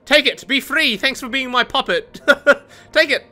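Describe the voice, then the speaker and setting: A young woman giving casual, excitable commentary over her own gameplay, swearing and laughing often. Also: high-pitched, measured pace, faint music behind. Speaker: gaming streamer.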